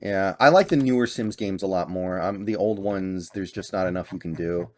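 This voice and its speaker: Low-voiced chatty young man ranking games. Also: moderate pace, a little mellow. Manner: chatty, offhand, thinking aloud. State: slight cough and voice crack. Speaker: gaming YouTuber. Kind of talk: casual tier-list commentary.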